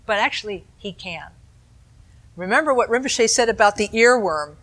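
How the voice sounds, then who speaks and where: A woman meditation teacher giving a dharma talk, explaining in a calm, conversational way with asides to her listeners. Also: mid-range voice, normal speed.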